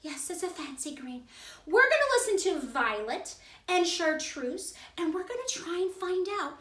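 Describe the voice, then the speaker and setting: A woman leading a preschool music class in an animated, sing-song way for young children. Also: very high voice, normal speed, distant mic. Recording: echoey room, voice from off-mic, music behind.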